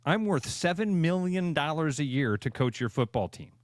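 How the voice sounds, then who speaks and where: A man co-hosting a talk radio show, his voice sitting fairly high for a man. He talks in an animated, emphatic way and hammers points home by repeating them. The studio sound is dry and close. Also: normal speed, dry recording. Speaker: radio co-host, realtor. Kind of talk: casual sports radio chat.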